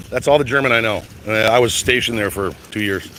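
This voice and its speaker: A man's voice: medium pitch, fast talker, few pauses. A middle-aged man from the United States hosting a casual livestream chat, rambling with stammered restarts and casual swearing. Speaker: livestream host reading chat. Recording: steady background noise.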